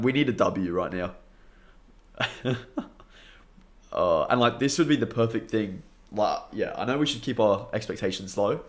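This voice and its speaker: A young Australian man chatting upbeat on a late-night live stream, greeting viewers by name and laughing often, a bit tired. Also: on the low side. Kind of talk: casual live stream chat.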